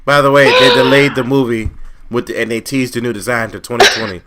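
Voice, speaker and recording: A man's voice: medium pitch, steady tone, fast, very noisy. A man co-hosting a casual podcast, dry and laid-back, cursing now and then. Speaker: podcast co-host. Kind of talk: casual chat.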